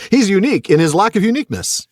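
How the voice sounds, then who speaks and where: A man's voice: high voice, sing-song, moderate pace, no room sound, clean studio sound. A man co-hosting a podcast, chatting casually and enthusiastically about a book and laughing often. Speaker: podcast co-host.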